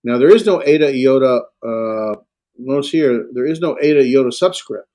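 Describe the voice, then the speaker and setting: A man lecturing on Greek to a class, halting and full of fillers and self-corrections. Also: mid-range voice, warm tone. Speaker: Greek instructor.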